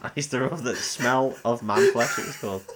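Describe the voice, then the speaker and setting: A man's voice: mid-range voice, a little fast, fairly bright tone, a little hiss or hum. Sweary man recapping a film. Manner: sweary, laughing, rambling. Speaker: podcast host. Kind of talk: casual comedic film recap.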